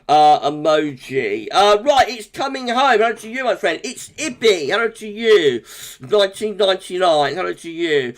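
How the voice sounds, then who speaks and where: Upbeat man with a high voice. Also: a bit bright. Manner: chatty and upbeat, greeting viewers by name in quick bursts. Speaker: weather livestream host. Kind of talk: casual live-stream chat, reading out viewer comments.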